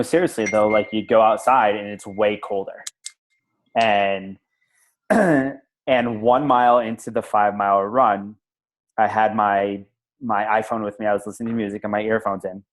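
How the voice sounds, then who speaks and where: On a group call, a man with a lowish voice casually tells a personal story, rambling with lots of fillers and the occasional swear word. The recording is rough.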